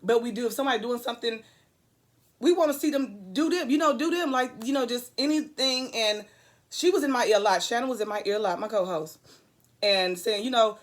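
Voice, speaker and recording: A woman's voice: on the high side, a little fast. A woman giving an earnest, preachy motivational talk to camera, hammering points home with repetition and drifting into rambling asides. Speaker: vlogger.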